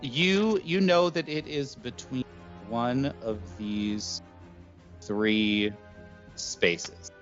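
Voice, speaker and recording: A man runs a tabletop game as game master, his voice sitting at an ordinary pitch. He talks in halting bursts full of fillers while he works out the rules. The audio is dull and lo-fi, with faint music underneath. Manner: hesitant, filler-heavy rulings.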